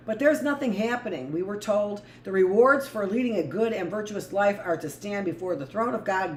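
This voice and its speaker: Blunt woman reading aloud, roomy echo. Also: medium pitch. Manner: rambling, blunt asides between read passages. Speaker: teacher reading aloud to a live class. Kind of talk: live book reading with commentary. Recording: echoey room with faint noise.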